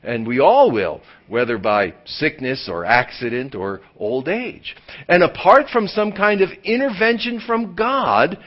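A man preaching a sermon as pastor, swinging from loud emphatic lines to hushed near-whispers and drawing key words out slowly. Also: medium pitch. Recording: dull lo-fi sound.

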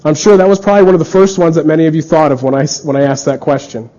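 A man preaches an earnest sermon in a fairly high, dark voice at a racing speed. He acts out the lines of the people in his stories, and the recording is dull and lo-fi.

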